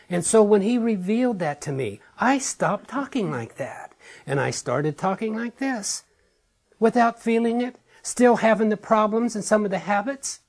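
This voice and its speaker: A man's voice: sits high, normal speed, a little mellow. A man preaching a sermon in an earnest, emphatic way, repeating phrases for stress.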